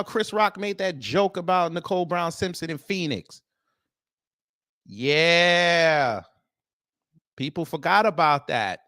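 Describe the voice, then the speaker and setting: A man's voice: sits high, fairly bright tone, dry recording, studio quality. A man hosting casual reaction commentary, talking to his viewers as family with frequent stammered restarts. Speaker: commentary show host.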